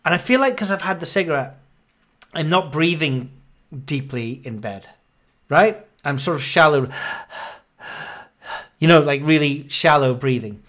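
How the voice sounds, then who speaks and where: A man's voice: on the high side, expressive, a little slow, long pauses, a bit bright. A man in his thirties hosting a podcast, out of breath, rambling and grumbling with self-mocking humor. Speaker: podcast host. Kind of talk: casual monologue.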